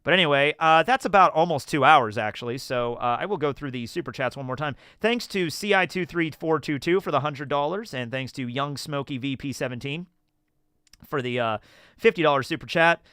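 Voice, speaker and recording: A man talking on a casual live stream, his voice bright and smooth. He rambles through questions and stories and gets animated along the way. The sound is dry and close to the mic. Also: fairly high pitch, brisk, no echo. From United States. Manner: rambling, animated storytelling with laughs.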